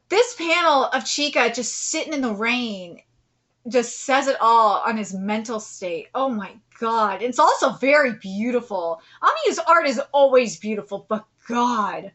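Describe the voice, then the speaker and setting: A woman on a live stream reacting to the manga she reads aloud, gushing and full of exclamations. Her voice is high and bright. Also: expressive, a little slow.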